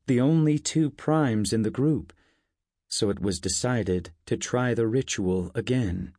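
A man narrating a first-person fantasy story in a measured, unhurried audiobook reading. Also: mid-range voice, dark tone, no room sound, clean studio sound.

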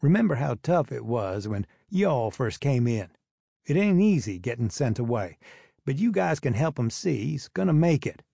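A man's voice: mid-range voice, big pitch swings, normal speed, gravelly, warm tone, no room sound, studio quality. A man voicing a stern, folksy man in charge of teenage boys. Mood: commanding. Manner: authoritative, folksy. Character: stern Southern man running a boys' home.

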